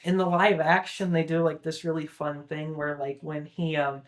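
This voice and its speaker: A young man with a somewhat high-pitched voice co-hosts a relaxed film chat. He talks with eager enthusiasm, looping back on himself and leaning on casual fillers as he works through his points. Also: normal speed. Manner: enthusiastic, rambling with many "like" fillers. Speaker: podcast co-host.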